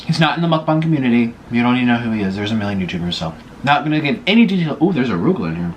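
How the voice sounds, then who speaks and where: A young man talks to his viewers between bites, spilling gossip in a lively, up-and-down voice. The delivery is loose and chatty. A faint hum of the room sits underneath. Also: mid-range voice, very fast. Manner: gossipy, chatty, eating while talking. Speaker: vlogger. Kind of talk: casual mukbang chat.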